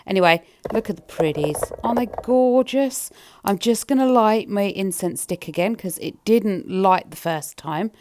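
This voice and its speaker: A woman's voice: medium pitch, animated, moderate pace, a little mellow, a little hiss or hum. A woman chatting to camera while cleaning her house, rambling in a friendly way to her viewers. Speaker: cleaning vlogger.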